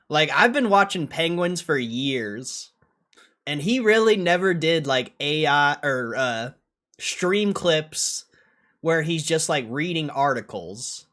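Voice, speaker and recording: A young man talks on his livestream in a loose, offhand way, swearing as he reacts. He drifts between low mumbles and sudden loud outbursts. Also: animated, takes it slowly. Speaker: stock streamer. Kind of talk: casual livestream commentary.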